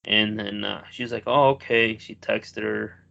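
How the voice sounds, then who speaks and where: A man co-hosts a podcast in a relaxed, rambling way, swearing as he tells his story. His voice has a gravelly, fry-heavy edge at a middling pitch. The audio is dull and lo-fi. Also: measured pace. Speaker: podcast co-host. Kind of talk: casual chat.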